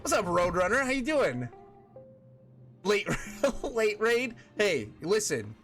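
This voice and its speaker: Playful male streamer, animated pitch, chats and hums over loud game music. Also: slow pace. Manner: playful, sings snatches of songs, greets viewers by name. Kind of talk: casual gameplay chat with chat readers.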